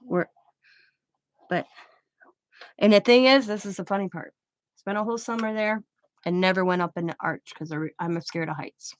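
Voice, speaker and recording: A woman's voice: mid-range voice, fairly bright tone, no echo, clean studio sound. A middle-aged woman telling a rambling personal story in a casual, chatty way while crafting, often correcting herself mid-sentence. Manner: chatty, rambling, with frequent self-corrections and laughs. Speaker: craft vlogger.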